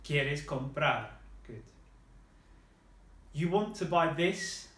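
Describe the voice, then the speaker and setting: A man runs a spoken language lesson, repeating phrases slowly and praising each reply. His voice sits a little high for a man. The room rings with a noticeable echo. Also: expressive, fairly bright tone. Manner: patient, encouraging, models phrases slowly and praises each answer. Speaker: language teacher. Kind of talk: guided lesson with a student.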